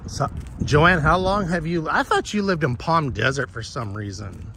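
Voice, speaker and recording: A man's voice: fairly high pitch, animated, moderate pace, background noise. A man chatting casually with viewers while walking his dog outdoors, rambling and profane as he tells a story. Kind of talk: casual chat to live viewers. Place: outdoors on a walk.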